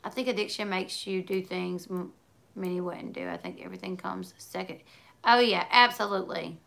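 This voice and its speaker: A woman's voice: fairly low pitch, lively intonation, moderate pace, creaky, a bit bright. A woman in her thirties hosting a casual livestream, chatting with viewers and answering their comments in a loose, rambling way full of likes and asides. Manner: chatty, talks in run-on asides with many likes. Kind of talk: casual chat.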